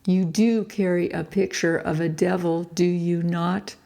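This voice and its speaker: A woman voicing a cold, relentless male interrogator in an audiobook, asking the same questions over and over in a low, slow, gravelly voice. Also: fairly even intonation, dark tone. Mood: coldly insistent. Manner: repetitive, insistent questioning.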